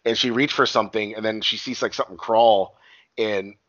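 A podcast co-host recaps a movie in casual chat, his lowish, fairly even voice moving briskly with a slight brightness. He rambles profanely through the plot, acting out quotes along the way. The recording is muffled but has no echo.

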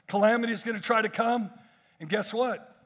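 A man's voice: sits high, normal speed, fairly bright tone. A male pastor preaching a sermon with emphatic, repeated phrases.

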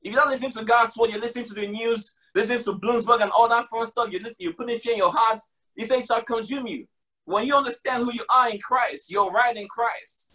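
A man's voice: extremely high pitch, steady tone, a little fast, bright, forceful tone. A man preaching a sermon, emphatic and repetitive, mixing casual slang with scripture. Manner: emphatic, repeats lines for stress.

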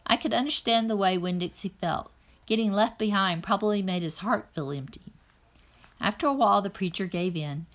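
A woman reading a children's novel aloud in an even, plain first-person narration. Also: mid-range voice. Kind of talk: read-aloud storytelling.

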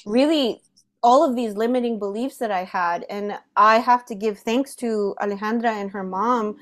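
A woman's voice: on the high side, normal speed. A young woman hosting a podcast, telling a personal story animatedly with frequent laughter. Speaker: podcast host. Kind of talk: casual storytelling.

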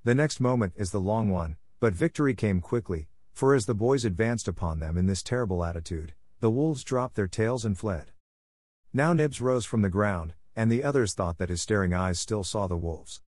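Male audiobook narrator, low voice, expressive measured storybook read, dry close mic. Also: dry recording.

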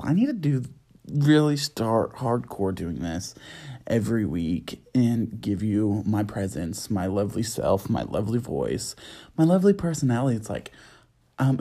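A man's voice: lowish voice, vocal fry, mellow. A young man hosting a casual solo podcast, sassy and chatty with lots of fillers, recorded at home at night. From United States. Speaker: podcast host.

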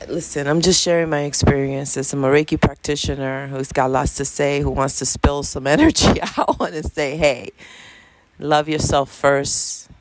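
A man's voice: a little high, moderate pace, few pauses, no echo. A middle-aged man, a Reiki practitioner giving an earnest spiritual monologue full of repeated encouragement. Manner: earnest, repetitive, preachy encouragement.

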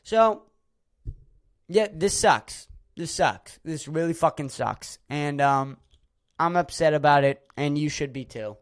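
Man, podcast host, angry rant, profane, shouty, bitter. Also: a little high, animated, slow. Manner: furious ranting, swearing, shouting then subdued.

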